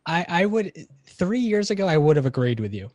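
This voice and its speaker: A man's voice: fairly high pitch, very animated, normal speed, a little mellow, no room sound, clean studio sound. A man in his twenties, a podcast guest in casual chat, laughing and self-mocking as he talks.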